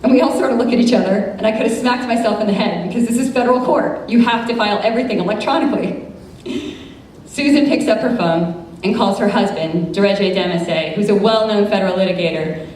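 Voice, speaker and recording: A woman's voice: medium pitch, quick pace, a little hiss or hum. American woman telling a story, echoey hall. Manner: vivid, animated storytelling with quoted dialogue. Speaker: immigration attorney telling a story on stage. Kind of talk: live storytelling performance. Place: large event space, live audience. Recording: echoey room from far off.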